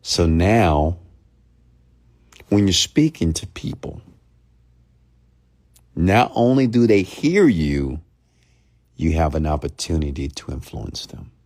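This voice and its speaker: A man coaching his live-stream audience, speaking slowly and deliberately and often checking in with them. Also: rumbling low, a little mellow. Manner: slow, deliberate speech with long pauses, often checking in with the audience; mimics fast rambling talk to show the contrast.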